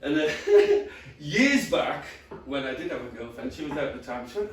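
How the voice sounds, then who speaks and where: A young man performing a stand-up comedy set, telling stories in a lively way and often laughing along. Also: on the high side, moderate pace, a little hiss or hum. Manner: lively storytelling with frequent laughter. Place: comedy venue with live audience. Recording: roomy stage audio from far off, crowd behind.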